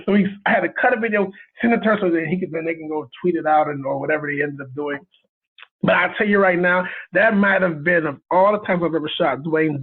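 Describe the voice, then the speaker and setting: A man telling a story as a guest in a casual interview, animated and excitable and laughing often. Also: high voice, breathy edge. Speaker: guest cinematographer. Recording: tinny phone-line sound.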